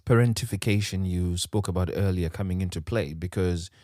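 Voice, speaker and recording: A male podcast host reflecting calmly and analytically on a guest's story, using psychology terms. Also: deep voice, brisk, no room sound, clean studio sound. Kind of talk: interview reflection.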